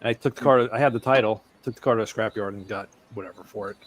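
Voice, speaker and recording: A man telling a casual story as a guest, halting and repeating himself, laughing at his own tale. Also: lowish voice.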